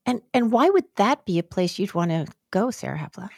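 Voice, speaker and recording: A woman's voice: mid-range voice, very animated, a little fast, creaky, slightly rough, no echo, clean studio sound. A woman hosting a podcast, asking short follow-up questions in casual chat. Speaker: podcast host.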